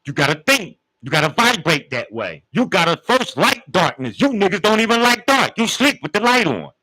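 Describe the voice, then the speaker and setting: Lively bright-voiced man preaching casually. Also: sits high, normal speed, husky, poor audio. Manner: street slang, conversational, addresses listeners directly. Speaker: spiritual teacher. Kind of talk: casual spiritual talk.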